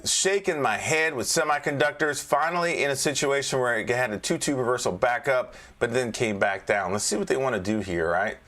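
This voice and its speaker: A man's voice: medium pitch, brisk, few pauses, fairly bright tone. A man, a trading coach, giving a casual screen-share market review, chatty and joking, often checking in with listeners. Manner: chatty and joking, keeps checking in with "all right?".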